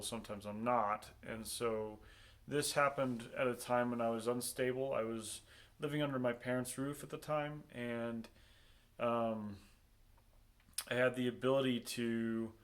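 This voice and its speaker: A man telling a personal story in a casual, halting way, with many pauses, ums and restarts. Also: medium pitch.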